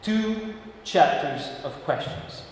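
A man preaching a sermon, telling a story slowly and deliberately, rising to emphatic swells. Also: a little high, lively intonation, slight background noise. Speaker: pastor. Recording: echoey hall, voice from a distance.

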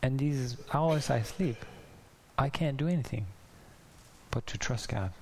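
Gravelly-voiced man giving a casual sermon. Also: medium pitch, a little slow. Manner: chatty, laughs often, acts out voices. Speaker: pastor. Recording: faint hiss.

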